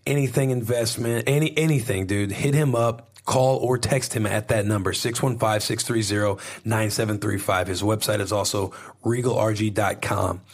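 A young man hosting a podcast, rambling and cursing casually from a hotel room. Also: fairly low pitch. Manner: rambling, profane, energetic. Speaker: podcast host.

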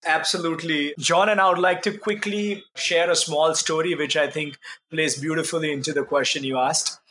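A man being interviewed as a nonprofit founder, telling stories in an earnest, animated way. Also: fairly high pitch, normal speed. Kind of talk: conversational interview storytelling.

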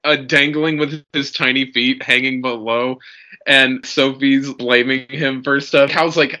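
A man co-hosting a casual podcast chat, earnestly retelling scenes with animated little quotes. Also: mid-range voice, measured pace. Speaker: podcast co-host.

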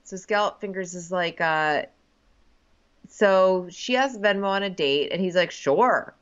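A woman's voice: fairly low pitch, measured pace, smooth. A woman in casual chat who talks in a chatty way with plenty of fillers. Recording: dull lo-fi sound.

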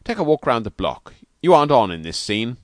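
A man reading aloud, voicing a brisk, jovial little old doctor. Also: medium pitch, big pitch swings, no room sound, studio quality, natural voice.

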